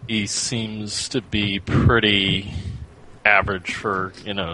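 A man's voice: fairly low pitch, sharp tone, slight background noise, poor audio. A man playing a tabletop game, casually describing his character in a rambling way. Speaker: player.

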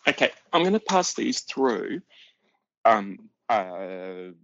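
Low-voiced guy playing a tabletop rpg on a call, methodical, muffled dry sound. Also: big pitch swings, slow, a bit bright, slight background noise. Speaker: player. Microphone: online voice call.

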